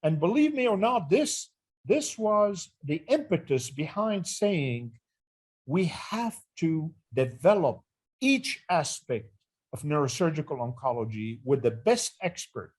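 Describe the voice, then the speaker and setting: An older man talks through his career in a fairly high voice, speaking earnestly. He often restarts a phrase as he gathers his memory, and his tone stays reflective throughout the interview. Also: sing-song, measured pace, breathy edge. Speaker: retired neurosurgery department chair, interview guest.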